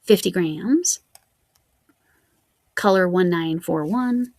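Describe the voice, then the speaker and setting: Casting: woman vlogger, lowish gravelly voice, chatty show-and-tell, thinks out loud. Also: animated, takes it slowly, dry recording. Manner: chatty, musing aloud while reading yarn labels. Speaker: crochet vlogger. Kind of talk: casual show-and-tell chat.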